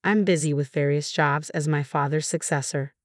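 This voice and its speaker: A curt, controlling middle-aged husband, read out by a woman narrator in a low voice. He snaps short, dismissive lines with no warmth. The sound is dry and close, with no room around it. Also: steady tone, moderate pace, no echo, close to an everyday voice. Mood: cold, dismissive.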